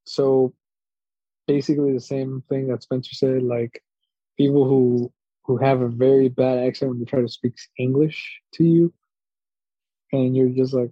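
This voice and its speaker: A man's voice: medium pitch, steady tone, moderate pace, mellow, no room sound. A man co-hosting a casual sports podcast, easygoing and rambling as he talks. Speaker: podcast co-host. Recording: dull lo-fi mic.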